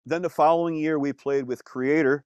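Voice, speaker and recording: Animated man telling band stories. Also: fairly high pitch, moderate pace, smooth, no room sound, muffled recording. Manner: animated, swears, many fillers and restarts. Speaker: musician guest. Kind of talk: casual storytelling interview.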